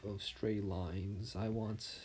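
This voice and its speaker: A tired man with something in his throat, mumbling softly and half-whispering as he comments on his drawing. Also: fairly low pitch, level tone, slow pace, a little hiss or hum. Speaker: artist streaming his drawing. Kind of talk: casual commentary while drawing.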